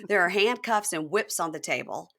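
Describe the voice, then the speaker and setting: A woman's voice: fairly low pitch, expressive, normal speed, gravelly, fairly bright tone. A middle-aged woman hosting a podcast, chatting casually and laughing often as she recaps a show. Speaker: podcast host.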